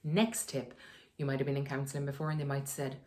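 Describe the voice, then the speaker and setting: Low-voiced woman giving frank advice. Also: level tone, fast talker, heavy background noise. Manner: frank, conversational, laughs often. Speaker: wellness vlogger. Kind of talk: candid personal advice talk. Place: her sitting room at home.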